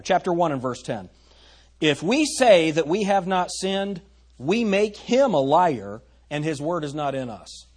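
A man preaching a sermon in an animated, conversational way, asking the congregation rhetorical questions. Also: on the high side, husky. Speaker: pastor.

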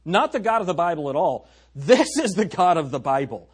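A man preaching a sermon, emphatic and folksy, who slows down to stress key words and talks straight to his congregation. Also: on the high side, big pitch swings, husky. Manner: folksy, addresses the congregation directly.

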